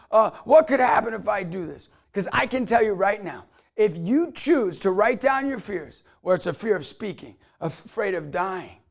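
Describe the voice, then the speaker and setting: A middle-aged man giving an emphatic, energetic motivational talk to camera and telling stories. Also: sits high, creaky. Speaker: motivational speaker.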